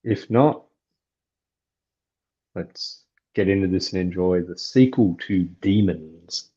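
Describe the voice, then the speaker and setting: Deep husky man hosting a watchalong. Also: takes it slowly, mellow, dull audio. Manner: easygoing, leads the stream and talks to the chat. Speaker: channel host. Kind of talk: casual movie watchalong commentary.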